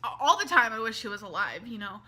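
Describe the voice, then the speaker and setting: A woman's voice: fairly high pitch, big pitch swings, fast talker, sharp tone. A woman in a confessional vlog, earnest and emotional, reading out messages and talking them through. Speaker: vlogger.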